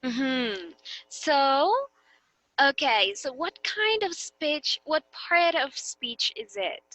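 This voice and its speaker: Slow, bright-voiced young woman teacher. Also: high-pitched, animated, no room sound, rough recording. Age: young adult. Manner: patient, checks understanding often. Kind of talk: teaching demo lesson.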